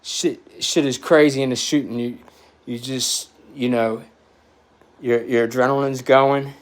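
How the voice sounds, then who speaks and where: A man in his forties telling a story in a podcast chat, animated and profane, getting emotional as he talks. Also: mid-range voice, unhurried. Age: 40s.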